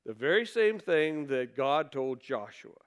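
A male pastor preaching in a clear, smooth voice that sits high for a man. He talks his congregation through scripture in an easy, conversational way. He often stops to ask them rhetorical questions. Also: very animated, a little slow. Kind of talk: sermon.

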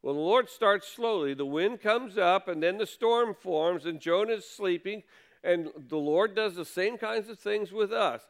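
A male pastor delivers a sermon in a smooth, clear voice, pitched a little high. He preaches earnestly, lifting his voice for quoted questions and sinking low for quieter asides. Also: measured pace.

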